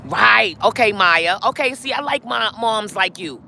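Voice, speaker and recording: A woman's voice: fairly high pitch, lively intonation, measured pace, vocal fry, pushed and bright, a little hiss or hum. A middle-aged woman hosting a casual live stream outdoors, chatting straight to her viewers. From New York. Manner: chatty, talks straight to viewers with lots of y'all. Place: outdoors on a city street.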